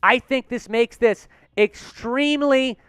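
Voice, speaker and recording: An excitable male sports host running a live news stream, his voice high and smooth. The sound is dry and close, with almost no room to it. He talks with rising hype and gets winded from all the excitement. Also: slow pace, no room sound. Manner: excitable, hyped, chants and cheers. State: out of breath.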